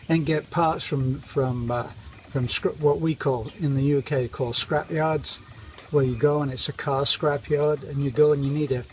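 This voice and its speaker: A middle-aged British man telling a wry, self-mocking story in a casual vlog. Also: on the high side. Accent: British English. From Britain. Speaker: expat vlogger. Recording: noisy outdoor recording.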